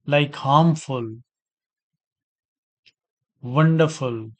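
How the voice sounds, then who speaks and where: A man gives a grammar lesson at an unhurried pace. His voice sits a little high for a man. He speaks deliberately, repeating key words and spelling out letters one by one. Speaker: grammar teacher. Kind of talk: slow spoken grammar lesson.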